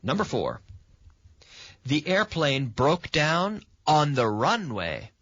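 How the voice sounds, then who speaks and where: A man hosting a radio English lesson, patiently quizzing a student and stressing words with lively intonation. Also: fairly high pitch, slow, noisy background. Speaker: English teacher and radio host. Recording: dull, lo-fi sound.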